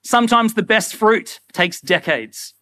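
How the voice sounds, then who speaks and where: A young man preaching a sermon in a casual, animated way, often acting out little everyday scenes. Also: high-pitched, unhurried, no room sound. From Australia. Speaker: pastor.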